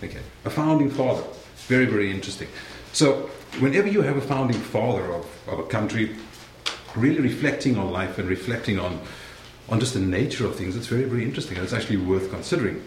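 A man's voice: lowish voice, animated, fast talker. A young man with a South African accent preaching a sermon as a guest preacher, friendly and joking with the congregation. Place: church sanctuary. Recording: roomy church sound, faint noise.

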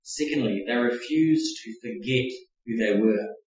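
A man's voice: medium pitch, a little slow, darkish tone. A man preaching a sermon, reflective and conversational, often hedging with fillers as he teaches. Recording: very echoey, distant mic, dull lo-fi.

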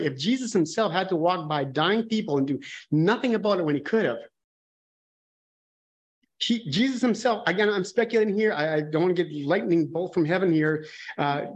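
Man, preacher, conversational sermon, candid, musing, thinks out loud, a bit high-pitched. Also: expressive, a little fast. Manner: candid, musing, thinks aloud with frequent restarts.

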